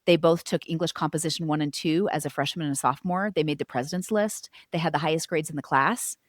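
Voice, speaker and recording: Middle-aged mom telling her homeschool story, animated, lowish voice, dry close sound. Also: quick pace, no room sound. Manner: animated, acts out quoted voices. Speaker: guest, homeschooling mother. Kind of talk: storytelling in an interview.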